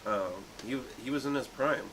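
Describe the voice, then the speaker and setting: A man in his late thirties co-hosting a movie review podcast, talking in a thoughtful, rambling way with many pauses. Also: medium pitch, background noise. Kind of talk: casual chat.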